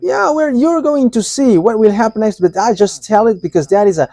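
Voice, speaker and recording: A man delivers a live sermon in a halting, restart-filled way, chuckling often between thoughts. His voice sits a bit high but has a mellow, dark tone. The sound is dry and close, with no room echo. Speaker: preacher.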